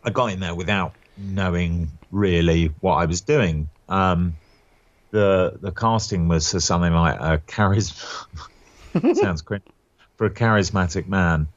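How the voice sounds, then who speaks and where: A man's voice: sits low, expressive, a little slow, no room sound, highs cut off. A male actor guest chatting casually, rambling and self-deprecating with plenty of fillers and laughs. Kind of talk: casual anecdotal chat.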